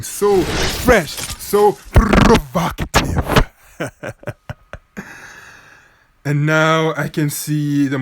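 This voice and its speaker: A man rambling through a mobile racing game commentary, jokey and prone to wild laughs, talking into the phone he plays on. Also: on the high side. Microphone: phone mic, device the game is played on. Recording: loud racing game engine noise behind.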